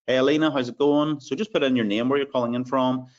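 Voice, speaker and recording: A man's voice: mid-range voice, steady tone, quick pace. Man, Irish accent, live sales webinar host, upbeat, muffled lo-fi audio. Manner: upbeat, reads out attendee names.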